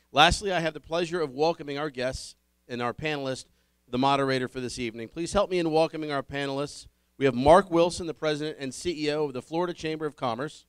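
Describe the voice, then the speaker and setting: A man's voice: a little high, quick pace, clear, resonant tone, dry recording. A man hosting a public dinner forum, welcoming the audience, giving ground rules and introducing panelists. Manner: upbeat, addressing a dinner audience. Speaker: event host. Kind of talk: public event announcements.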